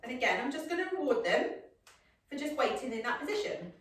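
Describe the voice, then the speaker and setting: A woman's voice: high-pitched, very animated, fairly quick, fairly bright tone, a little hiss or hum. A woman, a dog trainer giving an upbeat demonstration, often checking in with "okay?". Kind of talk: instructional demonstration. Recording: echoey, mic far off.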